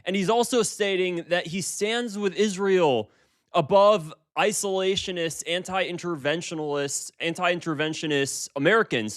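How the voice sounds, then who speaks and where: Casting note: a man in his late twenties, slightly higher voice, emphatic commentator who restarts and repeats phrases. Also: a bit bright. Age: 20s. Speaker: political commentator. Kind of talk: casual political commentary.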